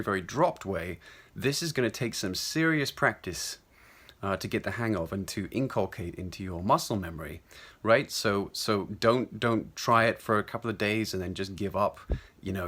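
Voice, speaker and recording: Lower-pitched English-accented male voice coach. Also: a bit bright, husky. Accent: standard English. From South Wales. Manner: explanatory, conversational, with frequent restarts and asides. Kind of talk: instructional talk to camera.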